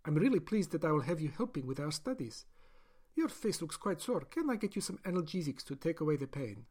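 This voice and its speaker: A cold, clipped woman scientist with a sugary, prim politeness, as a male narrator puts her on, pitched high above his own voice. She sounds reasonable while saying ruthless things. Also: sing-song, a little fast, darkish tone. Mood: falsely sweet. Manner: prim, clipped and falsely friendly. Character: brisk, coldly polite woman scientist, middle-aged.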